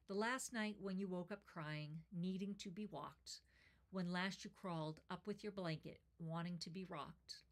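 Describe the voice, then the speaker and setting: A middle-aged woman with a slightly low voice reads a heartfelt poem aloud and then talks casually. She sounds tender, and her voice catches with emotion. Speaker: host.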